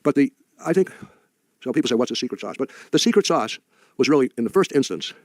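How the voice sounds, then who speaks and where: An older man speaking to an audience, telling wry anecdotes in a halting way with frequent restarts. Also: medium pitch, lively intonation, darkish tone, dry recording. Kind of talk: anecdotal talk.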